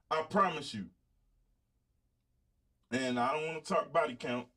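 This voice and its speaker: A man's voice: on the high side, slow pace, bright, forceful tone. A man, hosting his own show and lecturing viewers bluntly in casual live-stream talk. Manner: blunt, preachy, talks straight to viewers. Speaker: show host.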